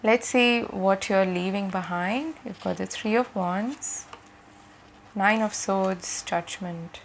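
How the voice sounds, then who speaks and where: A woman giving a gentle, reassuring tarot reading to her viewers, often checking in with "okay?". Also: medium pitch, takes it slowly, creaky, a little hiss or hum, low-quality recording. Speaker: tarot reader.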